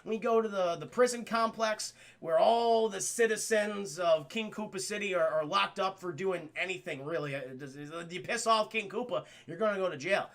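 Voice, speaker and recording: Male streamer, casual sarcastic film recap, profane; high, gravelly. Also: normal speed, hardly any pauses, fairly bright tone. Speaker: film reviewer streaming to a live chat. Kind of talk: casual commentary.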